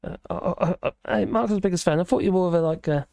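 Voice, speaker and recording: A man hosts a casual live stream, rambling from topic to topic as he reacts to viewers' comments. His voice sits a little high for a man. The sound is dry and close, with no room echo. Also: racing, creaky, a little mellow. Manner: chatty, rambling, reacts to chat comments with chuckles. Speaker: livestream host.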